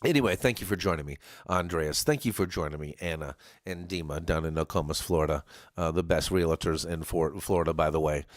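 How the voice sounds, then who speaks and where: Here a bass-voiced man speaks briskly in clean, echo-free studio audio. He hosts a live karaoke stream, welcoming viewers and addressing them directly with loose, jokey rambling.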